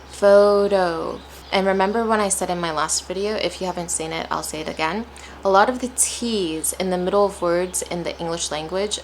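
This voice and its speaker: A woman's voice: fairly low pitch, fairly bright tone, slight background noise. A young woman with an American accent teaching English pronunciation, stretching out example words with exaggerated stress. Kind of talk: slow, deliberate pronunciation lesson.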